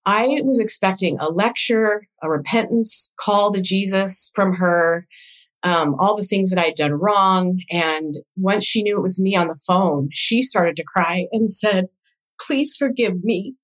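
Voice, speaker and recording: A woman guest on a podcast, a doula coach, telling a personal story in casual conversation with emotional, animated quoted dialogue. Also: medium pitch, measured pace, rough recording.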